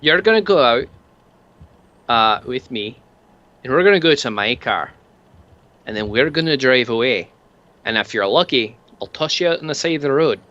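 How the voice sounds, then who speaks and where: A man's voice: mid-range voice, animated, moderate pace, long pauses, bright, forceful tone, muffled recording. A man voicing a menacing, one-toothed male thug who threatens people and calls them lad. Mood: threatening.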